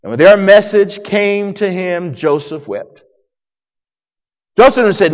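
A man preaching a sermon as pastor, dramatic, swinging from loud declarations to hushed near-whispers. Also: high voice, unhurried. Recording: long reverb of a large hall.

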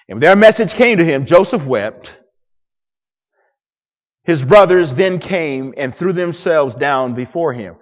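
A male pastor preaching a sermon, dramatic, swinging between loud declarations and hushed passages. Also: fairly high pitch, animated, normal speed, long reverb tail, lo-fi sound.

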